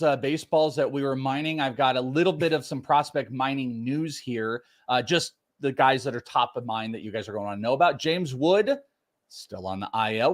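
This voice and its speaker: An American man in his forties co-hosts a casual sports chat and gives prospect updates. He talks in a chatty, self-deprecating way. His voice sits at an ordinary mid pitch. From United States. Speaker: podcast co-host, prospect analyst. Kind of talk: casual fantasy baseball chat.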